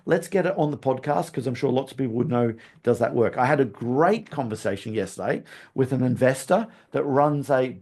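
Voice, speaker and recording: Mellow and medium in pitch, a man's voice guides a podcast recap in a conversational coaching manner. He keeps adding "okay?" to his points and laughs whenever he stumbles.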